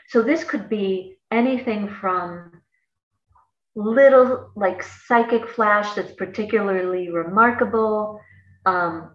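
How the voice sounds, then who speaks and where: A woman's voice: medium pitch, a bit bright, distant mic. A woman talks through astrology in a loose, playful way and slips into slangy asides. She sounds set back from the microphone, in a roomy space with a slightly dull tone. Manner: chatty and playful, laughs often, slangy asides. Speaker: astrologer guest. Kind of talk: casual explanatory chat.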